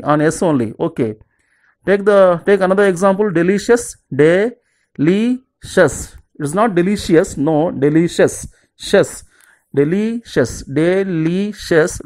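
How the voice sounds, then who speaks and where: A teacher, giving an exam-prep lesson and repeating word lists slowly, with each example word said lower. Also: lively intonation, a little mellow. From southern India. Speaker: English teacher.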